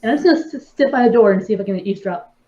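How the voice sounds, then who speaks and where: A player in a tabletop game who talks in eager, rushed asides. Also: mid-range voice, mellow, dull audio. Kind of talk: casual tabletop play.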